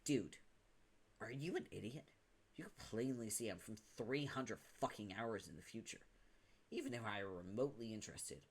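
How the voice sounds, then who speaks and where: A foul-mouthed teenage troll boy, as a man reads him aloud from a webcomic, rants and hurls insults in a lowish voice. His temper never cools. Each line is a furious jab. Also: expressive, normal speed, slightly rough. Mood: scornful. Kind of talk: dramatic reading of a webcomic.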